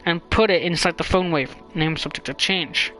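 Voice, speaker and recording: A man's voice: a little high, moderate pace, bright, forceful tone, faint music behind. A male game streamer reading a visual novel's text aloud, stumbling over words and dropping joking asides.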